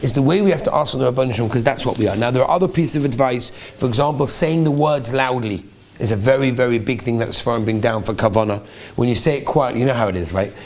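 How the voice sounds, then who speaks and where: A man, a rabbi, teaching a class on prayer, animated and acting out little scenes, often repeating a word as he restarts. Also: mid-range voice. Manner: animated, acts out little scenes, repeats words when starting over.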